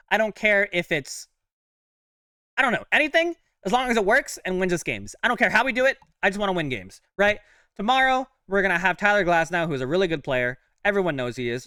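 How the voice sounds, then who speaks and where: Young male fan-channel host, hoarse and blunt, slightly high, clear and animated. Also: no echo, clean studio sound, far from the mic. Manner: blunt, heated ranting with filler words. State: hoarse, worn-out voice. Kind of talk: fan commentary vlog.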